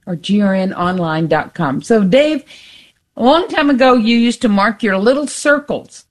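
A woman co-hosting a radio fundraiser, making her appeal and reading the phone number slowly and clearly. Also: medium pitch, expressive. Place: radio studio.

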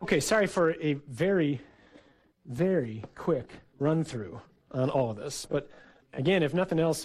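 A man's voice: fairly high pitch, expressive, measured pace, breathy edge, faint music behind. A man who is a priest, giving a sermon in a conversational, storytelling way for a radio program. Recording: radio broadcast.

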